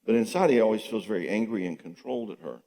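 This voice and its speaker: A man's voice: fairly low pitch, fast, vocal fry. A middle-aged man giving a conversational teaching talk at a marriage conference, acting out spouses' lines. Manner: animated, acts out spouses' dialogue. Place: church hall. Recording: long reverb in a church hall.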